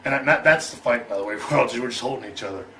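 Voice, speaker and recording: A man's voice: mid-range voice, rapid-fire, pushed and bright, slight background noise, rough recording. A middle-aged man telling a story in an interview, loose and profane, chuckling and acting out both sides of an argument. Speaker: interview guest.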